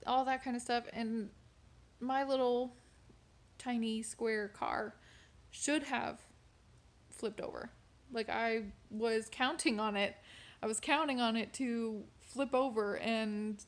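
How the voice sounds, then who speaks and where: A young woman telling a personal faith story to camera in a candid, conversational way, with frequent fillers. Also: fairly high pitch. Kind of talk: casual personal testimony.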